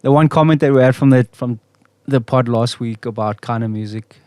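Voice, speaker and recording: A South African man co-hosts a casual podcast on a clean studio mic with no echo, telling stories, laughing often and saying "bro" a lot. His medium-pitched voice is mellow and fairly quick.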